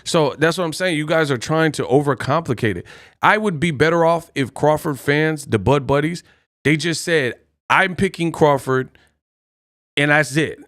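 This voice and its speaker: A man's voice: on the high side, normal speed, fairly bright tone, dry recording, clean studio sound. Boastful man ranting on a live stream. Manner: boastful, combative, repeats taunts at chat. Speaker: boxing live stream host. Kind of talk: heated live stream rant.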